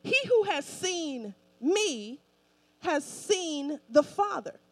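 Calm, casual male teacher, put on by a high-voiced woman preacher in a sermon. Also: extremely slow, no echo, exaggerated voice.

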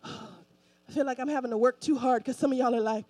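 A woman's voice: sits high, steady tone, a little fast, dark tone. A woman pastor preaching a sermon in an emphatic, colloquial style, driving points home with repetition.

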